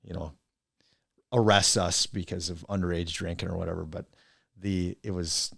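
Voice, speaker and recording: A middle-aged man from Wisconsin with a very low, gravelly voice tells loose, meandering stories in a casual interview. He sounds close and dry, with no room around him. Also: moderate pace, dry recording. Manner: rambling, animated storyteller who mimics friends. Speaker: podcast guest, coach and teacher.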